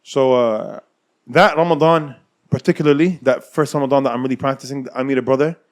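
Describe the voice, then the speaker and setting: An American man with a mid-range voice casually tells his own life story at a slightly fast pace. He's animated, laughing often and acting out the dialogue of the people in it.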